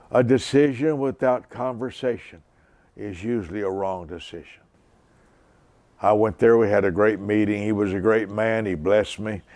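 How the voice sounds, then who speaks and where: A man in his seventies preaching a sermon slowly and emphatically, repeating key lines. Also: fairly low pitch, a little mellow, dry recording. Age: 70s. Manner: slow, emphatic preaching with repetition.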